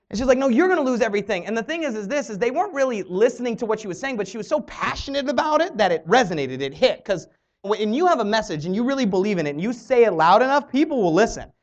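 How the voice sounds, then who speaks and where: Animated storytelling woman, lively pitch. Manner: animated, acts out quoted dialogue. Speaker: network marketing trainer. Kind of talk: motivational storytelling talk. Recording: dull lo-fi audio.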